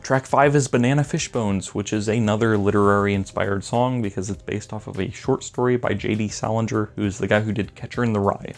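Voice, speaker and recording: A man's voice: lowish voice, steady tone, brisk, hardly any pauses. A young man rambling enthusiastically through a casual album review, full of filler words. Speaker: music reviewer.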